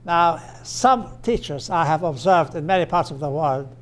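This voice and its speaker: A man giving a grammar lecture, slowing down and stressing his example phrases. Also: a little high. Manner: explanatory, with fillers and restarts. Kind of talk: recorded lecture.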